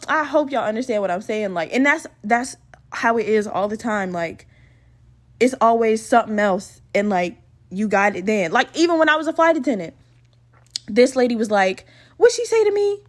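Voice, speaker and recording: A woman in her twenties hosting her own podcast, telling a story in a lively, profane, laughing way and acting out the quotes. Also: a little high, fairly quick. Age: 20s. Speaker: podcast host. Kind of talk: casual storytelling monologue.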